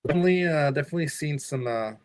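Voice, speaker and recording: A man's voice: fairly high pitch, rapid-fire, a little mellow, a little hiss or hum. A French Canadian man co-hosting a casual livestream, rambling and hesitant with many fillers. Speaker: co-host.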